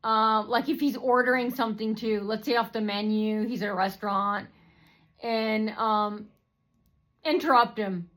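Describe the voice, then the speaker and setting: A woman's voice: fairly high pitch, steady tone, a little slow, fairly bright tone. A woman vlogger ranting to her viewers in a rambling, repetitive way, full of fillers and swearing. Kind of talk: rambling personal rant to camera.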